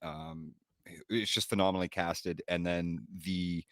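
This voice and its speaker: A man's voice: low voice, very animated, a little slow, vocal fry, fairly bright tone, no room sound, studio quality. A man co-hosting a podcast, chatting with enthusiasm. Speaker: podcast co-host. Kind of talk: casual chat.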